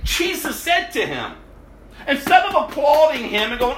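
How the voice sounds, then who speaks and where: A man's voice: very high voice, wildly swooping pitch, moderate pace, a bit bright. A man preaching a sermon, reading scripture and then explaining it with emphatic repetition of key words. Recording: echoey room.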